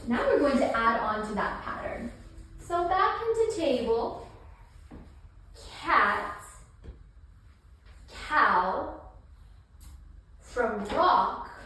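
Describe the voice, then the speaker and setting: A woman's voice: fairly high pitch, fairly bright tone, a little hiss or hum. A woman and mother leading her child through a yoga session, playful and encouraging, imitating animal sounds as she goes. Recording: very echoey room, mic at a distance.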